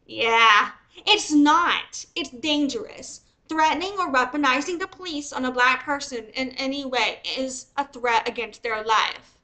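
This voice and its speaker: A woman streamer giving heated, profane livestream commentary with fast angry rants. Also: sits high, bright, forceful tone.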